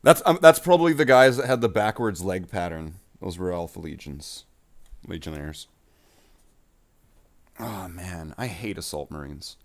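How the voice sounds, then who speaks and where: Man, host, casual painting stream chat, halting, repeats words. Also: deep voice, expressive.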